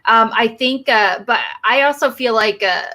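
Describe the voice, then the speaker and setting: A woman co-hosting a podcast in relaxed conversation. Her voice sits a little high. She talks hesitantly, with restarts and fillers as she works out her thoughts. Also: moderate pace. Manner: hesitant, restarts and fillers while thinking aloud. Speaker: podcast co-host. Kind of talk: casual chat.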